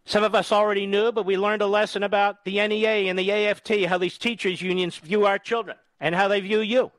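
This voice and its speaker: A man's voice: high voice, level tone, fairly quick, a bit bright, no room sound. A man in his sixties from the United States, a radio host delivering a combative, scornful political monologue with emphatic repetition. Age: 60s.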